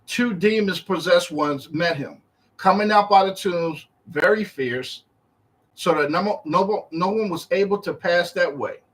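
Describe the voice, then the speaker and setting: A man teaching through a Bible chapter verse by verse in a casual, animated way, acting out the speakers in the text. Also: a little slow. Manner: animated, acts out the disciples' and Yahshua's words in a higher voice; conversational, uses slang while reading verse by verse.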